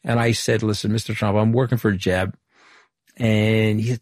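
A middle-aged man from Long Island tells his story in an interview, moving briskly from anecdote to anecdote and acting out bits of dialogue. His voice sits on the low side. The sound is close and dry, with no room around it. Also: darkish tone, dry recording. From Long Island, New York. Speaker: interview guest, former political communications director. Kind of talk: candid storytelling interview answers.

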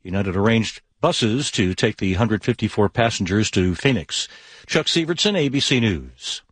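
Brief: man, radio news anchor, crisp measured delivery, dry studio sound. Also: lowish voice, expressive, dry recording. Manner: crisp read news copy. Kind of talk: radio newscast. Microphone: studio mic.

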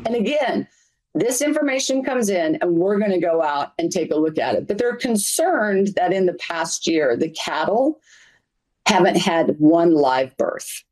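A woman's voice: on the low side, animated, a little slow, poor audio. A middle-aged woman advocate answering interview questions earnestly, stacking up points in lists. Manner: earnest, emphatic, piles up lists. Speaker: interview guest, community advocate.

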